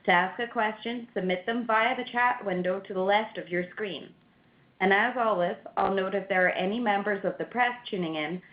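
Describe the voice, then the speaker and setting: A woman hosting a webinar, reading the announcements and a speaker introduction. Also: medium pitch. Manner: reads announcements and a speaker bio. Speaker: webinar host. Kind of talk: scripted introduction. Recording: roomy, dull lo-fi audio.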